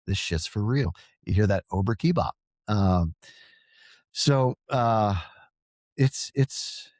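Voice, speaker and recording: A man speaks as a guest on a podcast, a paranormal field researcher in casual conversation. His voice is lowish and darkish, with no room sound, and he rambles earnestly, often stammering and starting over.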